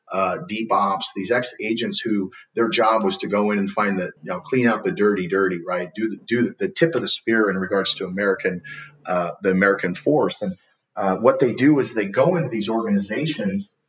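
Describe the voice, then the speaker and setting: A man, a podcast guest, telling a story with lively acted-out quotes. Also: lowish voice, poor audio. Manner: animated storyteller acting out quotes.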